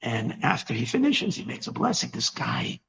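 Male preacher, storytelling sermon, animated, gravelly, keeps restarting phrases. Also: mid-range voice, normal speed, slight background noise, poor audio. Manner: animated, with frequent repeats and restarts.

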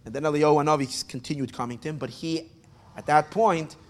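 A man telling a story in a casual, spoken way, with loud bursts, near-mumbled asides and frequent restarts. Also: fairly high pitch, fairly even intonation, fairly quick.

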